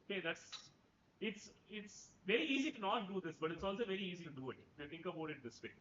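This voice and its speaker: A man with a high, lively voice gives a lecture and peppers it with "right?" as he goes. His tone is bright and a bit sharp. The sound is dull and echoes through a big room. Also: fast talker, slight background noise. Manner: conversational, keeps asking "right?". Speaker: professor giving a talk. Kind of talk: lecture to students.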